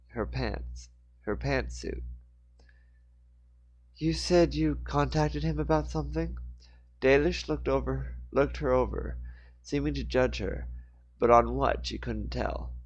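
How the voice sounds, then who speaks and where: Just a guy reading a novel out loud, casual, trips over words sometimes. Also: medium pitch, unhurried, gravelly, husky. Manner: informal, stumbles and self-corrects. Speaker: audiobook reader. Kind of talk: casual book reading aloud.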